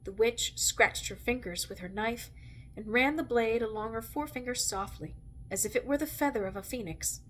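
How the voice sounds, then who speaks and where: A woman reads a novel aloud with measured, expressive narration. Her voice sits slightly higher than most women's. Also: a little hiss or hum. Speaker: reader.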